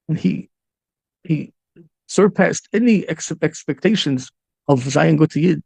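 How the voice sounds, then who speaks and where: A man's voice: a little high, lively intonation, takes it slowly, creaky, long pauses, darkish tone, breathy edge, no room sound. A man, a rabbi, telling a story in a sermon with passion, repeating and restarting his phrases and mixing in Hebrew and Yiddish terms.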